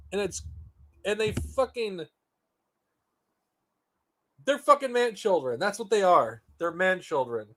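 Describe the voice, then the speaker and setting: A man's voice: sits high, fairly bright tone. A man streaming casually, profane and incredulous as he reacts to a clip. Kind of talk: casual live stream chat.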